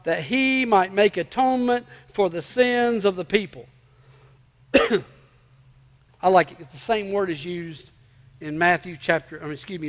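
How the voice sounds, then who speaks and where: High-voiced male pastor, reverberant church. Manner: emphatic, repeats key phrases, asks the congregation rhetorical questions. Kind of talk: sermon. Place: church sanctuary before a congregation.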